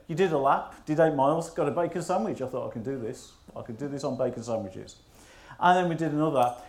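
A minister spins a self-mocking story from the pulpit, his voice a touch higher than most men's. The sermon echoes around a roomy church. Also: darkish tone.

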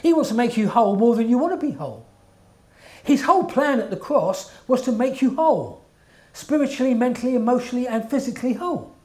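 A man's voice: very high voice, lively intonation, fairly quick, a little mellow. A man preaching a sermon in an earnest, emphatic way, often checking in with his listeners.

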